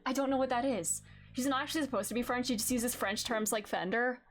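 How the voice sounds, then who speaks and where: A woman's voice: on the high side, fast, soft background music. A woman streaming a video game playthrough, reading the lines aloud and joking at her own attempts at accents. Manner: self-mocking, laughs at her own accents.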